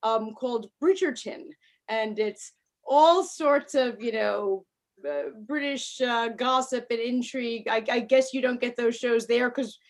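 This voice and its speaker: A woman hosting a podcast, chatting casually with a guest, bubbly and quick to laugh. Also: a little high. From United States. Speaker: podcast host. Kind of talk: casual interview chat.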